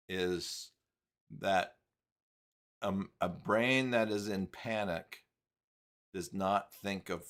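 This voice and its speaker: A man's voice: sits low, fairly bright tone. A man hosting a casual live stream, rambling and reading chat messages aloud.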